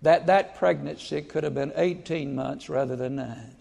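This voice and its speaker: A man preaching a sermon in a folksy storytelling way, often breaking into loud acted-out quotes. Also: fairly high pitch, moderate pace, vocal fry, a little hiss or hum. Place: church sanctuary. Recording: long church-hall reverb.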